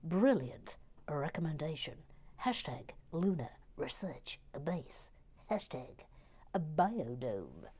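A woman hosting a relaxed building stream, chatting softly and playfully while reading out viewer comments, often dropping to a murmur or whisper. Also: deep voice, slow pace, breathy edge. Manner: soft-spoken, drifting between murmurs and whispers, gently playful. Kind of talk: casual chat while building.

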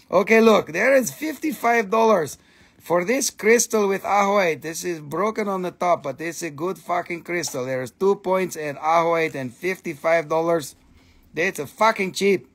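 Gravelly, playful man selling crystals live. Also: moderate pace. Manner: playful, joking and profane, with non-native phrasing; animated, jumps between teasing and pitching. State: tired late at night. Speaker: crystal seller hosting a live sales stream. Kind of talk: casual live sales chatter.

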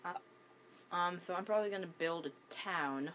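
A woman's voice: fairly low pitch, normal speed, fairly bright tone, slight background noise. A woman with the hiccups giving casual gameplay commentary at home, hesitant, with many ums and restarts. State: has the hiccups. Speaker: gaming channel host.

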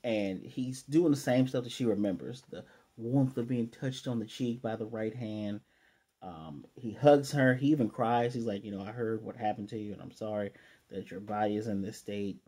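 A man's voice: lowish voice, normal speed, warm tone, breathy edge. A man casually recapping an anime episode, rambling and chatty, often restarting and acting out quoted lines. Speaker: anime reviewer.

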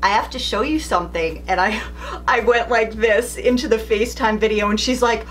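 A middle-aged woman beauty vlogger tells a story straight to the camera in a chatty, candid manner. Her voice is fairly high and her delivery brisk, in the style of casual vlog storytelling.

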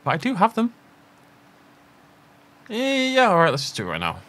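This gaming channel host sits high in pitch with huge swings, talking at a moderate pace in a fairly bright tone. He gives casual, jokey let's play commentary, rambling through asides and laughing often while game music plays behind him.

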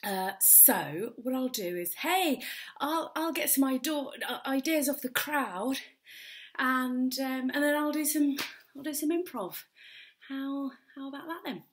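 Woman comedian, high and unhurried, rambling and self-mocking, with plenty of fillers. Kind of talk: comic monologue to camera. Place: home during lockdown.

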